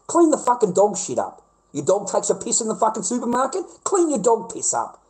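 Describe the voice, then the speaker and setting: A man with an Australian accent delivering an angry, profane rant to camera, often flaring into loud, high outbursts. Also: big pitch swings, fairly quick, poor audio. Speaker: vlogger. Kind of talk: profane ranting monologue.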